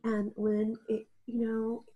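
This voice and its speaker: A woman's voice: a little high, monotone, slow pace, phone-quality sound, a crowd in the background. A middle-aged woman, an interview guest, telling an emotional personal story, tearful at times and laughing through it.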